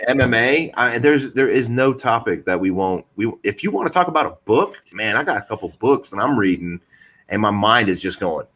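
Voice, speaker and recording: A man's voice: fairly low pitch, animated, a little fast, a bit bright. A man hosting a podcast in casual chat, laid-back and profane, laughing often. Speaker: podcast host.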